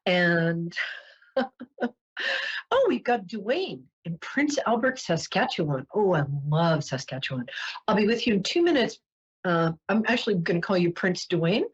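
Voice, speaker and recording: A playful woman with a New York accent hosts a psychic show in a husky, slightly breathy voice. Her pitch sits low but swings widely as she jokes and digresses, all through dull, lo-fi webcast audio. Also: expressive, moderate pace. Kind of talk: casual chatty monologue.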